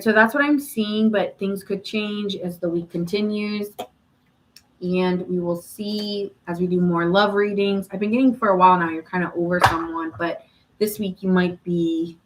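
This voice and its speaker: On a live tarot reading stream, a woman with a medium-pitched voice chats casually and answers viewer comments, laughing often. The recording quality is rough.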